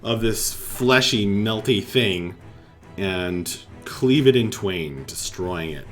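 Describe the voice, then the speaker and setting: A man's voice: on the low side, takes it slowly, a bit bright, faint music behind. A man running a tabletop game as game master, narrating playfully with sound effects.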